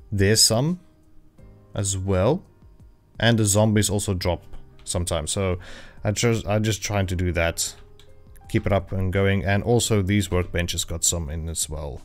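A man with a fairly low voice talks casually through a game livestream. He rambles, loses his thread, and corrects himself often. Faint background music plays under his voice. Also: measured pace. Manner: rambling, chatty, with frequent fillers and self-corrections. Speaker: livestreaming gamer. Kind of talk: casual gameplay livestream chat. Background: royalty-free background music.

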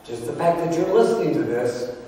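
A male pastor preaching a sermon, telling a story with emphasis and dramatic pauses. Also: fairly high pitch, lively intonation, warm tone, slight background noise. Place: large church sanctuary. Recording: echoey hall from far off.

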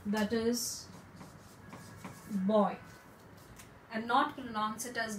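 A woman teaching French in a lesson, explaining slowly and repeating words for practice. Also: on the high side, reverberant, distant mic, a little hiss or hum, rough recording.

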